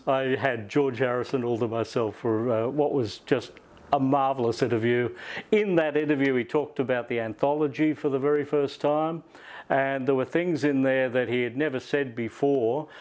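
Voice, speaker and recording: A man's voice: medium pitch, a little mellow. Earnest Australian man with many fillers. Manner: frequent "uh" and "you know" fillers, earnest. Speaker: interview guest, music journalist. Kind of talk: reflective interview answers.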